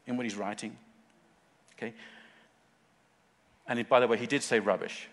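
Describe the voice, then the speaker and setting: A man preaches in short, earnest phrases at a middling pitch, pressing his points with fervent weight. His voice rings out with a long hall reverb. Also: steady tone, moderate pace, pauses often, a bit bright. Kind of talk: sermon.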